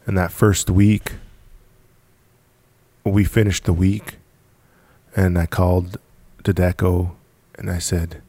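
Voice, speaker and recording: A man's voice: low-pitched, level tone, takes it slowly, pauses often, mellow, husky, no echo. A man from the United States, a podcast guest, telling his story bluntly and casually, swearing now and then and laughing between points. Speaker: podcast guest, apparel company founder.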